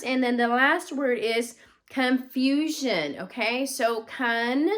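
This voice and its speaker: Slow-paced encouraging first grade teacher. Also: female voice, on the high side. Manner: slow, drilled repetition of sounds for children; encouraging classroom talk. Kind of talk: remote phonics lesson.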